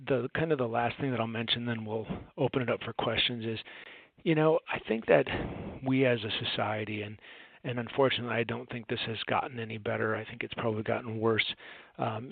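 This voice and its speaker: A man's voice: mid-range voice, a little fast, vocal fry, breathy edge, dry recording. A man in his forties presenting a training session, earnest and conversational, telling stories with lots of fillers and asides. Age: 40s. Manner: earnest, storytelling, frequent fillers and rhetorical "right?". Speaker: home care agency owner presenting a training session. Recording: tinny phone-like dry audio.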